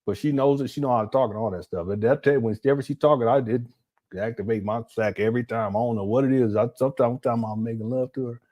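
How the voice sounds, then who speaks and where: A man's voice: medium pitch, fast, dark tone. A man hosting casual reaction commentary in a jokey, rambling way, laughing often and calling his viewers family. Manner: slangy, addresses viewers as family. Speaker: commentary host.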